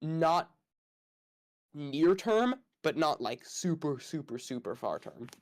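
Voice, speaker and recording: A man's voice: a little high, big pitch swings, slow pace. A man arguing one side of a casual space debate, hedging and thinking aloud with many fillers.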